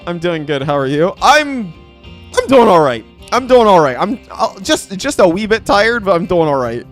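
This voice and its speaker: A young man streaming a game live, chatting to his viewers in an excitable, playful way. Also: sits high, normal speed, soft background music. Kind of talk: live game commentary with chat.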